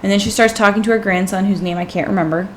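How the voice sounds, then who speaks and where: A woman's voice: mid-range voice, fairly even intonation, racing, a little hiss or hum. A woman hosting a podcast in casual chat, recapping a film's plot with acted-out quotes and lots of fillers. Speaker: podcast host. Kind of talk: casual movie discussion.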